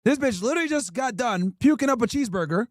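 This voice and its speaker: Brief: high-pitched man, stream host, blunt profane rants, dry close sound. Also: expressive, fast talker, no room sound. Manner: profane, blunt, emphatic ranting. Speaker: livestream host. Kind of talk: casual streaming rant reacting to clips.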